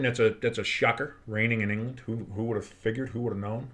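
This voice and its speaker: An American man streams live play-by-play of a football game, talking casually with viewers between snaps. He's blunt and profane, occasionally erupting with loud excitement, speaking at medium pitch, quickly, with barely a pause.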